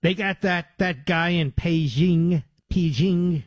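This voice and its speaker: Radio host guy, husky voice, kinda high, sarcastic and combative, dry studio sound. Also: slow pace, no room sound. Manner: combative, sarcastic, mocking asides to producer. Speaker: radio talk show host. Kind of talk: political talk radio commentary. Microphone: studio microphone.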